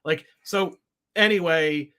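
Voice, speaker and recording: A man's voice: fairly high pitch, slow, bright, forceful tone, clear, resonant tone. A man co-hosting a podcast, reviewing comics in a rambling, wry, exasperated way. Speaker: podcast co-host. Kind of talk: casual comic book review chat.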